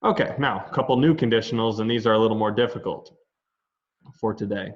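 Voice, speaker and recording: A man's voice: fairly low pitch, quick pace. A man teaching a Latin grammar lesson in an online class, explaining in a loose conversational way with asides. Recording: dull lo-fi online class audio.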